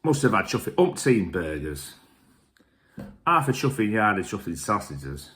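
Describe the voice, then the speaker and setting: A middle-aged man, a little tipsy, rambling through jokey stories and swearing mildly in nearly every sentence. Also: lowish voice. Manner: animated, jokey and self-mocking. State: tipsy from drinking whisky. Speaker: whisky reviewer and vlog host. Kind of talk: rambling casual storytelling.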